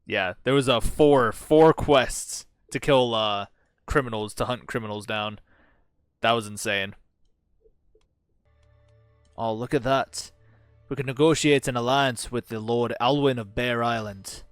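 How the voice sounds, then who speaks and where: A man's voice: medium pitch, steady tone, a little slow, clean tone, dry recording, studio quality. A man casually commenting on a strategy game as he plays, reading out its text with profane, sarcastic asides. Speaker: gaming channel host. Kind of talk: casual let's-play commentary.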